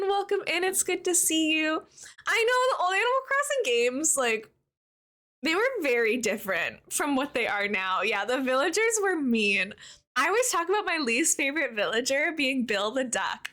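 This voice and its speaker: Chatty high-voiced woman streamer. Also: normal speed. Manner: chatty, greets viewers by name, animated and giggly. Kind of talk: casual live-stream chat.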